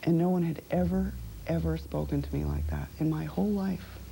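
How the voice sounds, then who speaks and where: Interviewee, woman, deep gravelly voice, halting and reflective. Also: wildly swooping pitch, warm tone, a little hiss or hum, rough recording. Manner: halting, reflective, with many fillers. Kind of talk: personal testimony.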